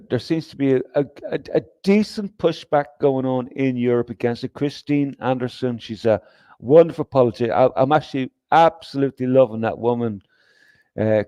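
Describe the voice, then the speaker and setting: A man's voice: mid-range voice, warm tone, smooth, no room sound. A man hosting a livestream, talking in a rambling, profane, emphatic way with frequent restarts and reading comments from chat. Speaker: livestream host.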